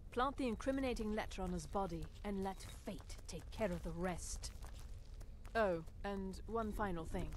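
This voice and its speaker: An actress playing a poised, calm female assassin handler in a game, giving orders in a measured, formal manner. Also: fairly low pitch, slight background noise, natural voice.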